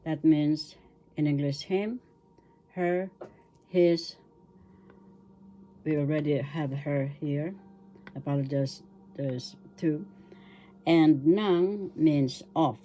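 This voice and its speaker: Older filipino-born lady teacher, breaks words into syllables and says them over and over, slow and low. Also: warm tone, a little hiss or hum. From Philippines. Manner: slow, careful syllable-by-syllable drilling with repetitions. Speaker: language teacher. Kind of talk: slow spoken language lesson.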